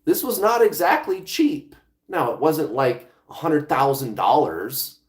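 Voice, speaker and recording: A man's voice: on the high side, big pitch swings, unhurried. A man talking as a law of attraction coach in a casual vlog monologue, conversational, restarting phrases and swearing now and then. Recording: echoey room.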